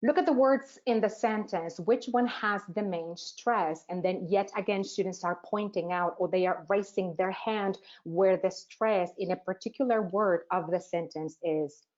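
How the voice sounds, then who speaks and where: A woman teacher trainer presenting a webinar, asking rhetorical questions and pausing often with "uh" fillers. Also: medium pitch, a little mellow. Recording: dull, lo-fi webinar audio.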